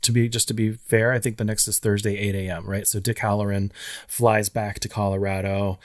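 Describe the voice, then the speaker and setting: Guy with a lowish voice walking through the movie plot, dry close sound. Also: fairly quick, dry recording. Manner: steady recapping of events, analytical. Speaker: podcast co-host. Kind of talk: casual film discussion.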